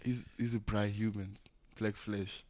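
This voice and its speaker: A young South African man with a South African English accent co-hosts a podcast through a camera's built-in mic, in a heated casual chat where he swears a lot and acts out quoted voices. His voice is on the low side and darkish, with a flat, slightly slow delivery.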